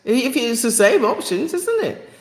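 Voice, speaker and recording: A woman's voice: a little high, very animated, unhurried. A woman hosting a live stream to her viewers, talking emphatically and repeating phrases for effect. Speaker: channel host. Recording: echoey room.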